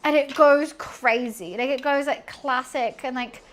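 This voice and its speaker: Chatty young woman, high voice. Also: measured pace. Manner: chatty, rambling, humming and singing to herself. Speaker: streamer. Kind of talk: casual chat while cleaning and cooking. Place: home kitchen.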